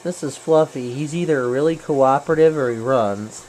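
A woman's voice: a bass voice, normal speed, a little mellow, a little hiss or hum, rough recording. A woman at home by a garden pond, talking to her pets in cooing, teasing baby-talk and playful meows. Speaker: pet owner.

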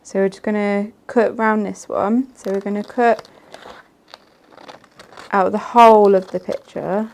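A soft-spoken woman, casually demonstrating card making and laughing easily. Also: mid-range voice, steady tone, unhurried, vocal fry, long pauses.

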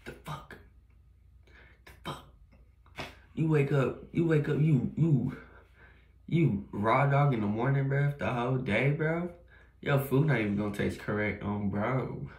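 A man's voice: medium pitch, measured pace, pauses often, darkish tone, slight background noise. A young man vlogging in a casual, rambling monologue, full of slang and swearing, often repeating himself. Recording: roomy echo.

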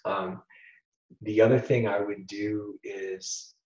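A man's voice: fairly low pitch, little pitch movement, takes it slowly, a little mellow. A man speaking as a psychologist guest in a casual interview, reflective, quoting sayings and laughing often. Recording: roomy, dull sound.

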